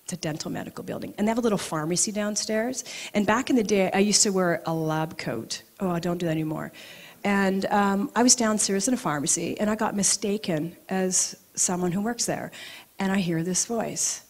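A middle-aged woman telling personal stories at a live event, animated and acting out both sides of her conversations. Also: mid-range voice, fairly quick. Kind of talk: live storytelling talk. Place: event venue, audience present.

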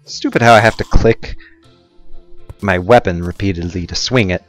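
Low-voiced goofy young gamer man. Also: moderate pace, dry recording, faint music behind. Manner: rambling, goofy, self-mocking asides. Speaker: let's play gamer. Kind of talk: casual gameplay commentary.

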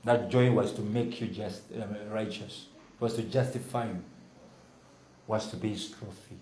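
A man's voice: fairly low pitch, a little slow, roomy sound, a little hiss or hum, rough recording. A man preaching a sermon as pastor, asking his congregation questions and drawing replies. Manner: lively, call-and-response with the congregation. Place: church.

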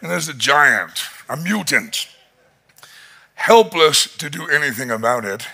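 Gravelly, animated male preacher. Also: a little high, a little slow. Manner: animated storytelling, chuckling often. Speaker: pastor. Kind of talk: sermon.

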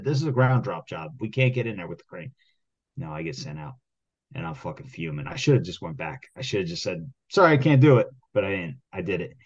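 A man co-hosting a podcast who tells a rambling work story full of swearing, getting worked up and loudly acting out his own arguments. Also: on the low side, husky. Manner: heated, rambling, swears constantly, acts out quoted arguments loudly. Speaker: podcast co-host. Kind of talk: casual profane storytelling. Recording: dull lo-fi sound.

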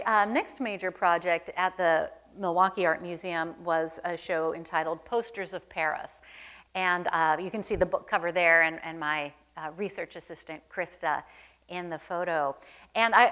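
A woman's voice: mid-range voice, bright, forceful tone. Chatty middle-aged woman telling stories onstage. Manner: chatty, self-deprecating, many ums. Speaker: museum curator, guest. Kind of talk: onstage conversation, anecdotal storytelling. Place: museum event space before an audience.

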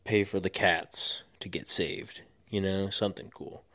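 A man's voice: sits low, steady tone, a little slow, pushed and bright, dry recording, clean studio sound. A young man co-hosting a podcast, talking casually, laid-back, swearing a lot and laughing often. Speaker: podcast co-host. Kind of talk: casual chat.

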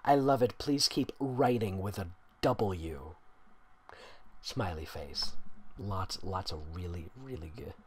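A man's voice: low-pitched, lively intonation, slow pace, a little mellow, breathy edge. A man doing a comedic reading of a bad fan story, mocking it with sarcastic asides that swing from mumbles to outbursts. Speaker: fanfic reader and voice actor. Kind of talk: comedic dramatic reading with commentary.

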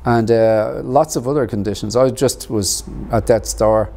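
A middle-aged man from tells his own story in an interview, in a lowish voice. He speaks in an earnest, measured way, pausing and reaching for words. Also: dark tone. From Ireland. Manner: measured and earnest, with pauses and fillers. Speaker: actor and author interviewed about his book. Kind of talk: reflective personal storytelling.

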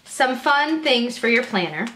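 A woman vlogging as she opens mail, gushing and excitable and laughing often; she works as a teacher. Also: fairly high pitch, a little slow. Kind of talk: casual unboxing chat. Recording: echoey room, faint noise.

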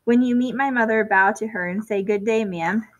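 A woman voicing a kind young Englishman who reassures his friend calmly. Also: medium pitch, moderate pace, lightly acted, low-quality recording. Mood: reassuring. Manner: calm, reassuring.

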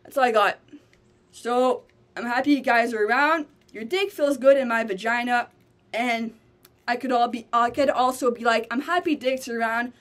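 A woman's voice: a little high, steady tone, moderate pace, fairly bright tone. A young woman vlogging alone to camera in a rambling, stream-of-consciousness way, often breaking off and restarting. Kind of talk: unscripted monologue to camera.

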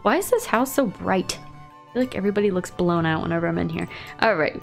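A woman's voice: on the low side, animated, a little fast, gravelly. Woman gaming host, playful teasing commentary, faint classical music underneath. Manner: playful, teasing, chatty with characters. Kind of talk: casual let's-play commentary.

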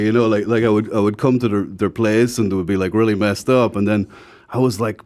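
A man's voice: lowish voice, fairly quick. A man with an Irish accent, a guest telling stories frankly in casual talk and acting out the people he quotes. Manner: frank, animated when quoting others. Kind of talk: casual storytelling.

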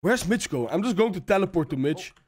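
Excitable high-voiced man gaming. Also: brisk. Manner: excitable, exclaiming and laughing. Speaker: gaming video host. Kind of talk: Minecraft let's-play commentary.

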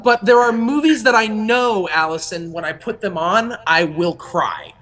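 A young man co-hosting a podcast, talking casually in a rambling, animated way that often breaks off and restarts. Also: high-pitched, unhurried. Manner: rambling, self-interrupting, animated. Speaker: podcast co-host.

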